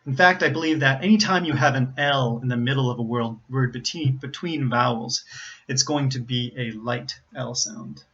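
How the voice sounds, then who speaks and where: A man's voice: mid-range voice, fairly bright tone, lo-fi sound. Careful American man teaching pronunciation. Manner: slow, careful, repeats example words. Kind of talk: explaining pronunciation to learners.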